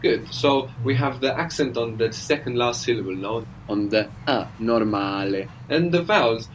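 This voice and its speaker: A man's voice: mid-range voice, moderate pace, slight background noise, poor audio. A man teaching a language in a recorded audio lesson, explaining patiently and often checking with a questioning "no?".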